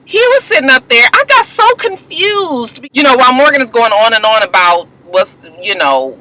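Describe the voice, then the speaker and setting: A woman's voice: high voice, sing-song, moderate pace, heavy background noise. A woman recapping a reality TV reunion in a casual gossip vlog, blunt, profane and exasperated.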